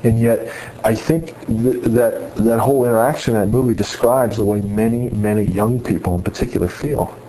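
A man's voice: on the low side, moderate pace, dark tone, slight background noise, poor audio. A man giving an earnest sermon-style talk to students, retelling a story with many restarts. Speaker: speaker addressing students on faith.

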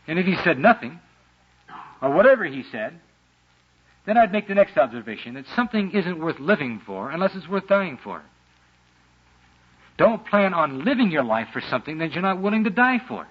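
A man preaching with a husky, slightly breathy voice that swings up and down in pitch. His delivery is dramatic, and he slips into the voices of the people he quotes. The recording sounds dull and muffled. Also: big pitch swings, normal speed, pauses often. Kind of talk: sermon.

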